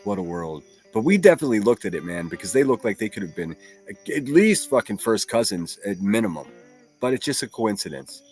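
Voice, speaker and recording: A man riffs through a solo stream in a blunt, swearing, mocking way, talking somewhat low in his range. Faint music sits underneath his casual reaction commentary. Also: husky. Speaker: livestream commentary host.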